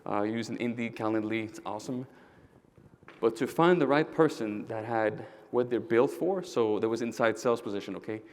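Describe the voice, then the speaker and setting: Male keynote speaker, mid-pitched, energetic, tells stories and asks the crowd questions. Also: normal speed. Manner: energetic, directly addresses the audience; storytelling with quoted dialogue. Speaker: keynote speaker, roofing company owner. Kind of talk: conference keynote talk.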